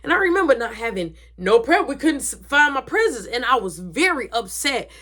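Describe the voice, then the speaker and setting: A woman's voice: fairly high pitch, very animated, moderate pace, fairly bright tone. A woman telling a story in a casual, dramatic way, swearing freely.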